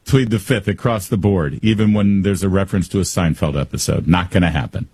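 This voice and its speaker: Husky low-voiced radio host. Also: male voice, fairly quick, a little mellow, no echo. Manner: emphatic, sarcastic, talks straight to listeners. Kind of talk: opinionated talk radio commentary.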